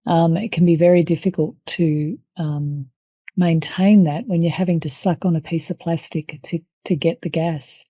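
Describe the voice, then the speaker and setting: A woman hosting a podcast interview, explaining calmly and affirming her guest. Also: lowish voice, normal speed, no room sound. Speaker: host and birth educator.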